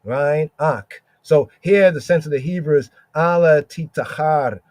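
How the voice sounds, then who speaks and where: Guy doing a laid back bible study podcast, higher voice, dry close sound, keeps saying right?. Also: no echo. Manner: keeps asking "right?", drawls Hebrew words slowly. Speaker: teacher of scripture. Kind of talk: informal scripture study podcast.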